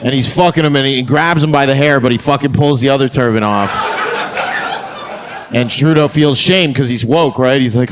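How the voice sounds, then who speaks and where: A man's voice: mid-range voice, normal speed, background noise. A man doing a stand-up set on a comedy stage, rambling through crude punchlines into a handheld mic.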